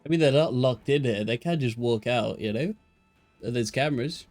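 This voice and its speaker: A man's voice: mid-range voice, moderate pace, darkish tone, soft background music. A young man with an English Midlands accent, chatting and joking casually as an esports caster on a live stream.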